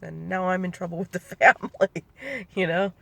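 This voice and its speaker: A middle-aged woman with a low, gravelly voice and flat delivery talks at a moderate pace, with no echo. As a family storyteller, she rambles through a personal family memory in conversation, repeatedly correcting herself.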